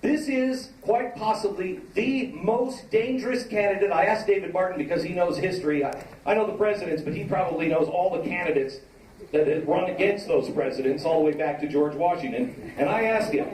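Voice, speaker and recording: Impassioned rally speaker in echoey hall. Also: male voice, high voice, brisk, a little mellow, a little hiss or hum. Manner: impassioned, preacherly, rising to emphatic peaks. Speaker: political speaker at a campaign rally. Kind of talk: rally speech. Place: event hall. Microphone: recorded from the audience, away from the stage. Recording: echoey hall recorded from far off.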